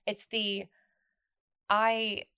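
A woman's voice: mid-range voice, flat delivery, drawn-out words, bright, forceful tone, smooth. A woman co-hosting a podcast, talking in a loose, rambling way with many restarts. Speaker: podcast co-host. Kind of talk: casual chat.

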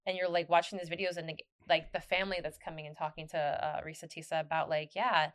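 A woman with a lowish voice chats casually as a podcast co-host. She rambles and circles back, restarting her sentences as she works through a thought. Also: little pitch movement, fast talker. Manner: rambling, many restarts and fillers. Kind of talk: casual chat.

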